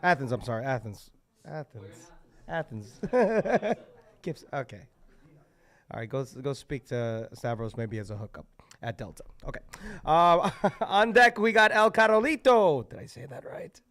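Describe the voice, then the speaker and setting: A man's voice: fairly high pitch, animated, a little slow, fairly bright tone. A man hosting an open mic, joking loosely, swearing, and hyping up the next act. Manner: loose, joking, profane, hype. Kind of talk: hyping up the crowd between acts. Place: open mic stage at a community center.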